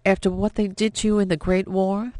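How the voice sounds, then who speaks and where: A man's voice: high-pitched, level tone, fairly quick, dry recording, voice pushed up, lightly acted. A man doing a defiant nineteen-year-old girl. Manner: impassioned, pleading and sharp. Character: defiant headstrong young woman of nineteen.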